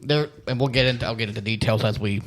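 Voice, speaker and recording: A man's voice: medium pitch, fast, a bit bright, slight background noise. Dry, blunt young man on a podcast. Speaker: podcast co-host. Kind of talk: casual chat.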